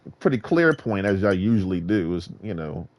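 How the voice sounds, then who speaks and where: A man's voice: low-pitched, moderate pace. A man from Virginia ranting and trash-talking in a casual gaming vlog monologue. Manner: animated, boastful, trash-talking. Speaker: gaming vlogger.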